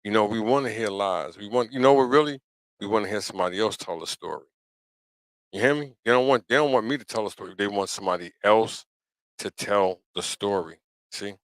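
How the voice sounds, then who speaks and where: A man's voice: on the low side, a little fast, a bit bright, no echo. An older man hosting his own channel, talking straight to his viewers in a casual, preachy way. He repeats himself a lot, keeps checking "you hear me?" and chuckles between points. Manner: repetitive, earnest, keeps asking "you hear me?". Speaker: YouTube channel host.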